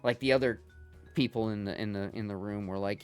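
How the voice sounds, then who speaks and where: A man's voice: fairly low pitch, fairly even intonation, fairly quick, clean tone, faint music behind. A middle-aged man chatting casually with viewers on a gaming livestream, telling rambling, profane stories with many restarts.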